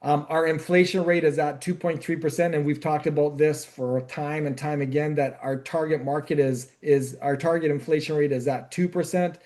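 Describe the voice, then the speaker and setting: Man, podcast co-host, steady explanatory talk, rhetorical questions, slightly high voice. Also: moderate pace, few pauses. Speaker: real estate podcast co-host. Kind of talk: casual podcast chat.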